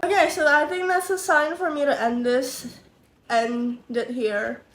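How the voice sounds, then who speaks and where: Young woman vlogger, high voice, unhurried profane storytelling, echoey room. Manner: candid, profane, animated retelling. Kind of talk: casual storytime monologue.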